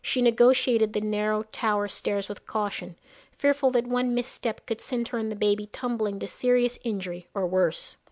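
A woman narrating a fantasy story in a measured storytelling manner. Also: mid-range voice, fairly even intonation, darkish tone.

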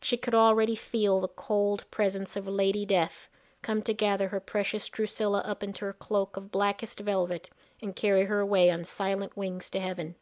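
A woman narrating a fantasy story in a measured storytelling manner. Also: medium pitch, level tone, a little mellow.

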